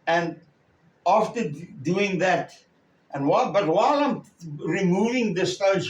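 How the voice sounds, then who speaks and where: A man preaching a sermon as a story, with a slow, halting delivery and many pauses. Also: high voice. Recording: echoey room, far from the mic.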